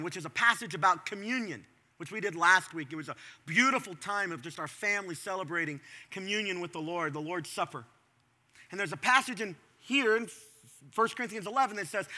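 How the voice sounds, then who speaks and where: Bright, high-voiced preaching man. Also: a little fast. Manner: conversational preaching with sudden animated bursts. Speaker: pastor. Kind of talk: sermon.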